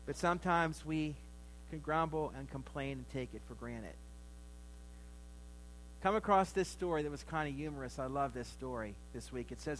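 A man's voice: on the high side, lively intonation, moderate pace, a bit bright, slight background noise, low-quality recording. A middle-aged male pastor giving a Thanksgiving sermon in a folksy, storytelling way.

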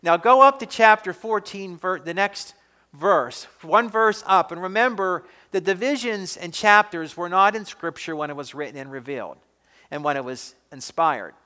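A man's voice: high-pitched, animated, normal speed, bright, forceful tone, in a large hall. A man preaching a sermon, emphatic, asking his listeners questions. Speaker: pastor.

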